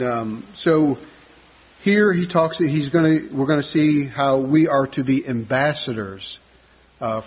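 A man's voice: a little high, breathy edge, highs cut off. A man preaching a conversational sermon, with frequent fillers and restarts.

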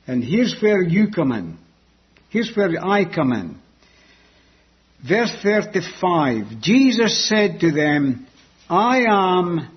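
A man preaching a sermon, slow and emphatic, repeating key phrases, on a dull lo-fi recording. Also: high-pitched, breathy edge.

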